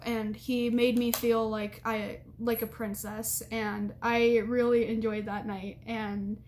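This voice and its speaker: A young adult woman giving casual advice to camera, chatty and rambling with lots of fillers and giggles. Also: a little high.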